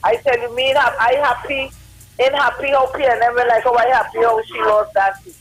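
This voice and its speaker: A woman's voice: a little high, level tone, fairly quick, poor audio. A woman with a Trinidadian accent giving a fiery, preachy political rant as a guest on a live stream, mocking her targets.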